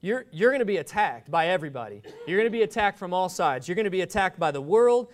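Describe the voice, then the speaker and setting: A man's voice: sits high, very animated, fast talker. A man preaching a sermon, telling stories in a rambling, joking way with many restarts.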